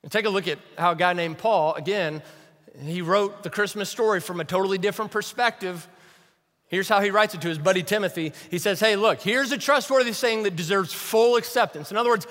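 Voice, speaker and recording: A man's voice: high-pitched, moderate pace, a bit bright, long reverb tail. A man preaching a sermon as a pastor, conversational and self-deprecating, often asking the audience questions. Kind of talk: sermon with humor.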